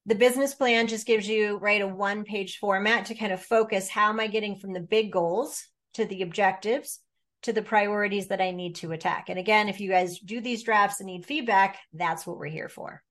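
A woman's voice: medium pitch, fairly even intonation, normal speed, fairly bright tone. A woman coaches a group over a video call. She talks in a middle register with lots of energy. She keeps slipping into playful quoted inner voices to make her points. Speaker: business coach leading a group session. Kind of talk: coaching workshop talk.

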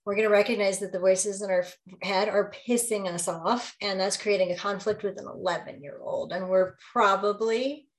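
Woman coach running a workshop, animated, keeps acting out little conversations, says "right?" a lot, mid pitch. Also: moderate pace, hardly any pauses. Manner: lively, acts out dialogue, often asks "right?". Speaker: business coach leading a workshop. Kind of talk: coaching talk to a group.

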